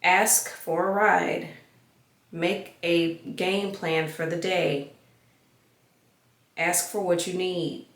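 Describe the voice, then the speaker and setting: A woman's voice: lowish voice, flat delivery, extremely slow, long pauses, a bit bright. Woman vlogger, casual self-mocking chat, roomy echo. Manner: chatty, self-mocking, talks to viewers as y'all.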